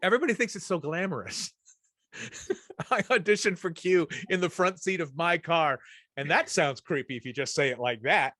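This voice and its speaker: A man's voice: on the high side, normal speed, pushed and bright, no room sound, studio quality. A middle-aged man hosting a casual chat, telling a rambling, anecdotal story full of restarts. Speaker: host.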